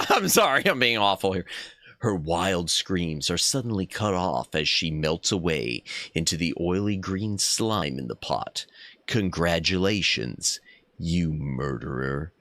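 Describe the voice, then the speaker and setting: Male streamer, chatty play-along commentary, bright tone, lively unhurried delivery. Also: low voice, no echo. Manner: chatty, thinks aloud, reads game text aloud. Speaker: streamer playing a retro adventure game. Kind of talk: casual live-stream commentary.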